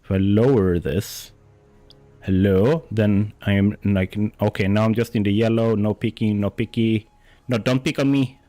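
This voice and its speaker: A man streaming a game from his room at home rambles casually while testing his desk mic and moving it around as he talks. His voice is on the low side and mellow, with a steady tone and moderate pace.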